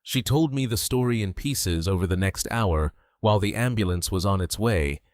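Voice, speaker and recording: An older man tells a first-person story in a low voice, slow and measured. The sound is dry and close, with no room around it. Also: no echo. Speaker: narrator. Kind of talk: scripted first-person narration.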